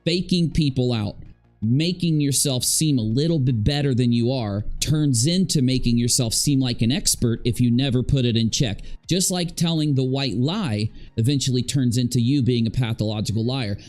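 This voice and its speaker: A man in a ranting commentary, emphatic and rambling, circling back over his own phrases. His voice sits at an ordinary middle pitch, and faint music plays behind him. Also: normal speed, darkish tone. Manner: talking while eating and drinking. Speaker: commentary channel host.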